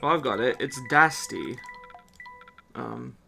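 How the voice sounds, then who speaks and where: A man's voice: medium pitch, expressive, slow, vocal fry, sharp tone, soft background music. A male streamer in casual game chat who laughs often while he describes what is on his screen.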